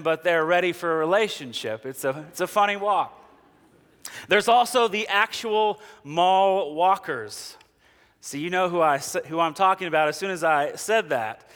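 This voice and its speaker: High-voiced man preaching in a reverberant hall. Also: a bit bright, clean tone. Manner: humorous storytelling, acts out quoted characters. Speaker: pastor. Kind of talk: sermon.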